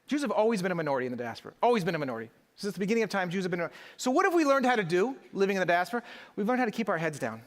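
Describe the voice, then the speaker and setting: A man's voice: high-pitched, a bit bright. A middle-aged man giving a live keynote speech at a conference, rhetorical and emphatic, working the audience. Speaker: conference speaker. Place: large conference hall. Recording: echoey conference hall.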